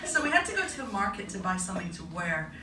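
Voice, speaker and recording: A woman's voice: medium pitch, big pitch swings, fast. A woman academic performing a stand-up comedy set, telling stories in a wry, punchy way on stage before a live audience. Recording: echoey live venue, distant mic, noisy. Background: audience laughter and room ambience.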